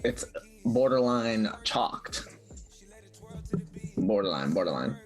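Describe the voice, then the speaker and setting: A man's voice: fairly low pitch, sing-song, slow, soft background music. A man co-hosting a trading stream, joking and bantering playfully with friends. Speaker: co-host trader. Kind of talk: casual banter.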